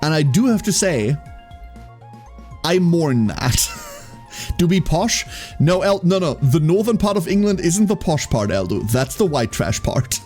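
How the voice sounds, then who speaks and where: A German man with a light German accent talks casually on his live stream, reading and answering chat. His voice jumps around a lot in pitch, and he laughs often and repeats phrases for effect. Faint music plays under his voice. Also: big pitch swings, unhurried, darkish tone.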